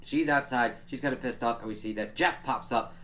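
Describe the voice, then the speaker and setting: A man's voice: medium pitch, a little fast, a bit bright. A man giving a casual, chatty spoiler recap of a TV episode, swearing freely and laughing as he retells scenes. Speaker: show reviewer.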